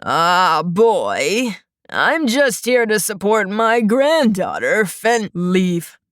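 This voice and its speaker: A woman's voice: mid-range voice, big pitch swings, extremely slow, a bit bright, no room sound, studio quality, exaggerated voice. A woman voicing a creepy old grandfather with a wheezing, rattly voice and a wheedling, grumbling manner.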